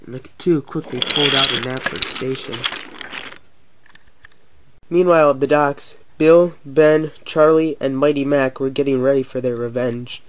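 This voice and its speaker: A man's voice: mid-range voice, fairly even intonation, normal speed, a little hiss or hum. A young man narrating a homemade toy train story, voicing every engine himself with light voice changes. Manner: reads every character in lightly shifted voices.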